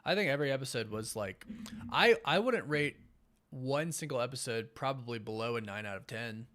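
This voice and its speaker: Hosting a live watch party late at night, a tired young man talks at normal speed in a mid-range voice with lively intonation. He thanks his viewers warmly and with enthusiasm, rambling casually and using many fillers.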